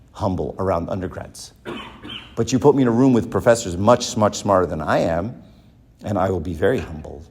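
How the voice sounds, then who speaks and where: Male lecturer, somewhat low voice, animated teaching style with constant "right?" check-ins. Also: husky. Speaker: professor teaching a church class. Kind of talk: lecture with rhetorical questions.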